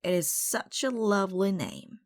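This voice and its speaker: A woman's voice: mid-range voice, animated, measured pace, no echo, studio quality, voice pushed up. A woman reading the lines of a bossy male pirate captain in a children's storybook, with a bold, blustery delivery.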